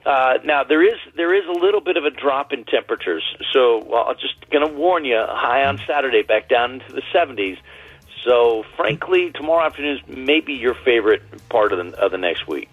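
A man's voice: medium pitch, animated, brisk, breathy edge, no room sound, soft background music. A man giving the weather forecast for a radio show in an upbeat, chatty, folksy way, calling in by phone. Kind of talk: weather report on a call-in. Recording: dry, tinny phone line.

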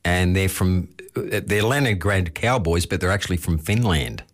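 An Australian man with a low voice hosting a music radio show. He is easygoing and chatty as he reads out listener requests. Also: animated, moderate pace. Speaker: radio host. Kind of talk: casual chat.

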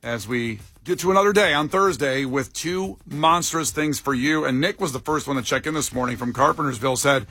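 A man's voice: mid-range voice, brisk, hardly any pauses, sharp tone, breathy edge, no room sound. A man hosting a morning radio show, bantering upbeat and joking with his co-hosts. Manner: upbeat, jokey, mock-impersonates callers.

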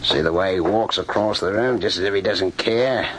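An actor playing a boastful, scheming thief in an old-time radio drama, swaggering and chuckling. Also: male voice, sits low, moderate pace, noisy background, close to an everyday voice. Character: boastful scheming male thief, cockney-style crook.

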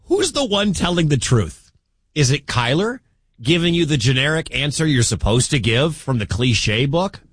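A man hosting a sports talk show, arguing his opinions with lively swings in pitch. His voice sits at a middle height and sounds dry and close, with no room around it. He speaks straight to his listeners. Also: normal speed, breathy edge, no echo. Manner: animated, argumentative, talks straight to listeners. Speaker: sports radio host.

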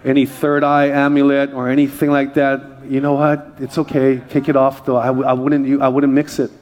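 A male pastor preaching a conversational sermon to a congregation, telling a story in an animated way and often restarting his sentences. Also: medium pitch, a little fast, highs cut off. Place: church stage before a congregation.

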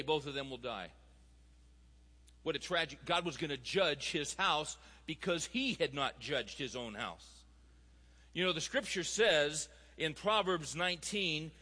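High, bright-voiced male preacher in a hall. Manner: emphatic, with rising intensity. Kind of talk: recorded sermon. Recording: long hall reverb.

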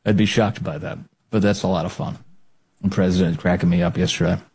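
Podcast host dude, husky voice, sarcastic, keeps jumping way up high for emphasis. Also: male voice, fairly quick. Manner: mocking, animated, jumps into a high voice for emphasis. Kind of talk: casual political commentary.

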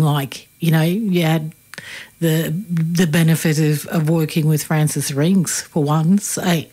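A woman's voice: deep voice, darkish tone. A woman hosting a radio interview, asking long winding questions. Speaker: radio host.

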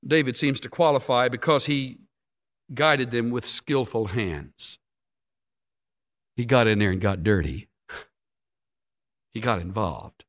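A man preaching a sermon, telling stories with big rising climaxes and sudden hushed drops. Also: fairly high pitch. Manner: storytelling with sweeping rises and sudden quiet drops.

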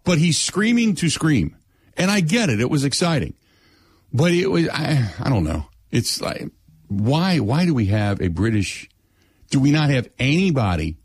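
Host in his middle years, animated storyteller, close dry mic. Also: medium pitch, breathy edge, dry recording. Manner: animated storyteller, acts out his own lines. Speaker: radio show host. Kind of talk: casual chat.

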